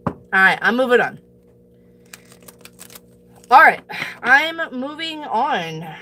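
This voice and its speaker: A woman's voice: medium pitch, pushed and bright. A woman reading tarot on a live stream, talking bluntly and profanely as she answers her chat and hands out tough advice.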